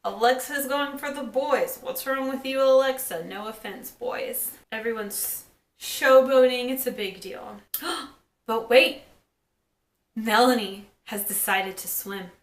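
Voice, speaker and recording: A woman giving a casual recap of a TV episode, chatting and quoting characters in quick asides. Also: fairly high pitch. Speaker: TV episode reviewer. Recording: echoey room.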